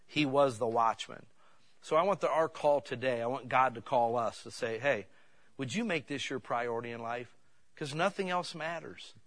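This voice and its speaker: Middle-aged male pastor, bright voice, folksy storytelling sermon style. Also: medium pitch, brisk. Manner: folksy, conversational, builds to shouting peaks.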